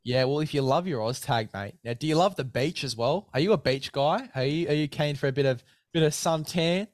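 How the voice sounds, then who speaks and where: A man's voice: fairly high pitch, a little fast, dry recording, clean studio sound. A man hosting a casual sports preview, chatty and matey, hyping a sponsor. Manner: chatty, matey, plugs a sponsor with mock hype. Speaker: sports podcast host.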